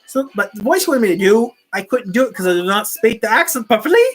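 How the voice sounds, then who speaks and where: Faint music plays behind a channel host who talks fast in a fairly high, sing-song voice. Chatting casually to camera from home on a desk microphone, she rambles and often restarts her sentences.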